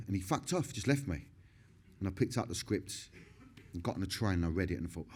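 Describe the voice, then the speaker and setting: Low-voiced and darkish in tone, the middle-aged man talks fast in a candid onstage interview, swearing all the time, laughing often and rambling with many sentence restarts.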